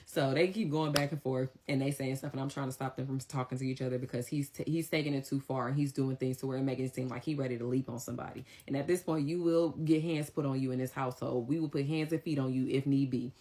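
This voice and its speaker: A young woman with a low, deep voice recounting a story in a casual storytime style. Her delivery is animated and emphatic, and she leaps much higher in pitch whenever she slips into quoting someone. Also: fast talker, hardly any pauses. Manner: animated, emphatic retelling with sharp pitch jumps for quoted lines.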